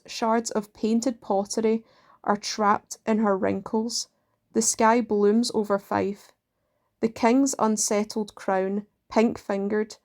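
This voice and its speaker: Woman reading poems really slowly, even middle voice, lots of pauses between lines. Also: medium pitch. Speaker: poetry reader.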